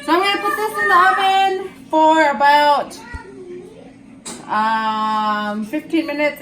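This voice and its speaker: Chatty woman cooking in a noisy kitchen. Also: a little high. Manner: chatty, laughing storyteller. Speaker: home cook filming herself. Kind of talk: casual cooking chat. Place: home kitchen.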